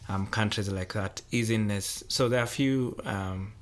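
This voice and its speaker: Low-voiced student, tentative. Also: male voice, a little slow. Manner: tentative, searching for words. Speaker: theology student. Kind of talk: podcast conversation.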